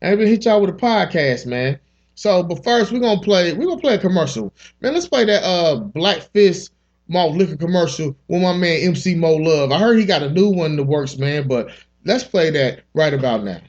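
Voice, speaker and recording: A man's voice: on the high side, expressive, normal speed, highs cut off. Rambling profane man hosting a comedy podcast. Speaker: podcast host. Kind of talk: comic podcast monologue.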